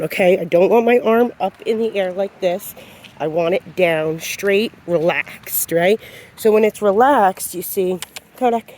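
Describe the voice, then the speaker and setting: A woman dog trainer gives a calm, low-key lesson on leash handling while walking outside, talking with many fillers. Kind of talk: outdoor training demonstration. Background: passing vehicles.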